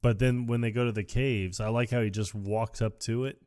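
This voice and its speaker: A man's voice: mid-range voice, fairly even intonation, moderate pace, darkish tone. A man co-hosting a podcast, recapping a comedy film in casual chat and laughing as he acts out lines. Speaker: podcast co-host.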